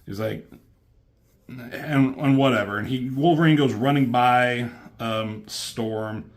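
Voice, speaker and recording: Slowly and loosely, a man reviews a comic book in an unscripted, relaxed talk, rambling with fillers and the odd swear word. His voice sits at an ordinary middle pitch.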